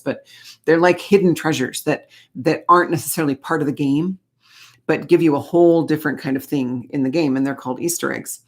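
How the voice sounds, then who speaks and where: A tarot and oracle card reader giving a casual spiritual reading, chatty and gushing, full of fillers and little asides. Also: mid-range voice.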